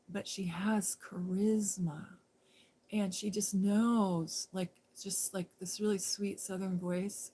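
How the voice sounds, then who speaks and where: A woman hosts a casual live stream and talks to her viewers as if to friends. She rambles, starts sentences over, and keeps laughing as she goes, recorded close on a phone or webcam. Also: mid-range voice. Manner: rambling, self-interrupting, laughs often. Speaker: livestream host.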